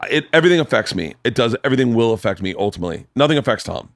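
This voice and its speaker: A man in his forties hosting a podcast from his home studio, telling stories in profane, animated casual chat. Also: racing, creaky, no room sound. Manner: profane, animated storytelling, pitch rising when worked up. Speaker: podcast host.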